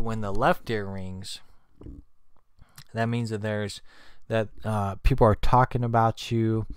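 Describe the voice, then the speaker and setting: A man's voice: on the low side, fairly bright tone, clean tone, no echo, studio quality. A man hosting his own channel, chatting casually on a livestream, rambling with many fillers and restarts, with candy in his mouth. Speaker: channel host. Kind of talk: casual spiritual livestream talk.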